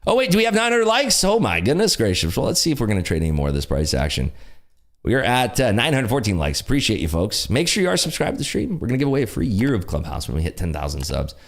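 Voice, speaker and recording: A man hosting a live day trading stream, excitably calling market moves and chatting with viewers. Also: fairly low pitch, fast talker. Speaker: day trading livestream host.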